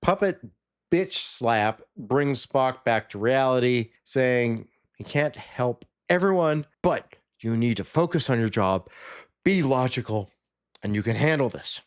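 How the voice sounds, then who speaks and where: A man casually recapping a TV episode, sarcastic and animated, sometimes mimicking the characters. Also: medium pitch. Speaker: TV episode reviewer.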